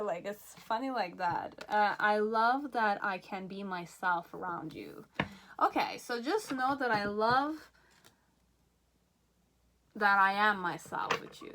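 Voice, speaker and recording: A woman giving a pick-a-card tarot reading, excitable, often checking in with "okay?" and a bit out of breath. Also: mid-range voice, a little slow, background noise. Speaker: tarot reader.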